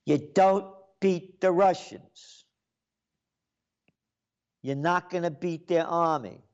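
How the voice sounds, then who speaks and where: A man's voice: fairly high pitch, slow, a little mellow, clear, resonant tone, muffled recording. A man giving an indignant, repetitive political rant as a commentator.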